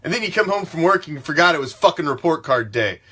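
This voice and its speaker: A man's voice: fairly high pitch, lively intonation, quick pace, sharp tone, husky. Fired-up, swearing sports host man. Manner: profane, fired-up, emphatic. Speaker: sports talk show host. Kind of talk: fan sports commentary rant.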